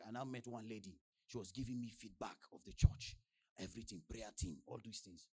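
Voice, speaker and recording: A man with a Nigerian accent preaching a sermon as pastor, firing questions at the congregation and swinging from soft asides to loud exclamations. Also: medium pitch, a little fast, breathy edge. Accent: Nigerian English. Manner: animated preaching with call-and-response questions to the congregation.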